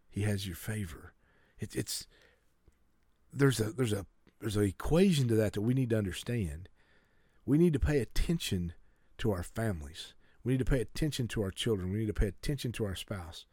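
A man's voice: on the low side, animated, moderate pace, darkish tone, dry recording, studio quality. A man preaching a sermon to a congregation, urging them earnestly and often stumbling and restarting his sentences. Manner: earnest exhortation with stammered restarts.

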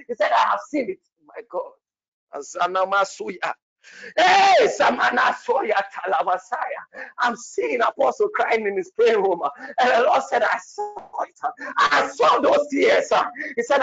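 Fervent high-voiced man shouting prophecy. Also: very animated, normal speed, gravelly, lo-fi sound, a faint crowd. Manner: shouting in fervent bursts, repeating phrases. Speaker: prophetic prayer leader. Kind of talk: prophetic prayer with speaking in tongues.

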